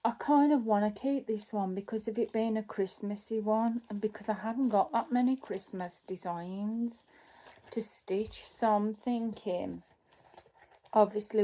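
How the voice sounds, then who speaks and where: A woman's voice: medium pitch, dark tone. A woman who runs a cross-stitch channel, chatting casually at home as she sorts through her craft kits, thinking aloud and correcting herself as she goes.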